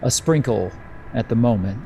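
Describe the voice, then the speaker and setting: Mellow-voiced man narrating a horror game. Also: medium pitch, animated, a little hiss or hum. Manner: slow, atmospheric descriptive narration. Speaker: game master.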